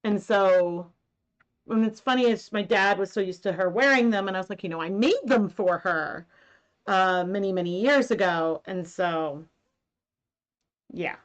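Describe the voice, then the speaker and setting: A woman's voice: mid-range voice, a little slow, dull audio. A woman in her thirties hosting a casual knitting live stream from home, talking in a rambling way with many fillers. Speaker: knitting and yarn-dyeing host.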